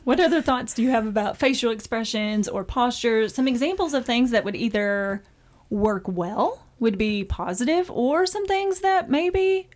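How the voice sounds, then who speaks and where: Middle-aged woman hosting a podcast chat, matter-of-fact, kinda high voice. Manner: matter-of-fact, animated storyteller. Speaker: host. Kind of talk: podcast discussion.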